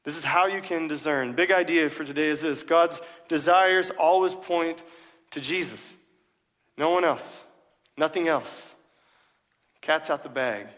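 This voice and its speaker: A man preaching a sermon to his church in a relaxed, joking way, full of "uh" fillers. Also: fairly high pitch, unhurried. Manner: casual, joking, many "uh" fillers. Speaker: pastor. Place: church sanctuary. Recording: long reverb of a large hall.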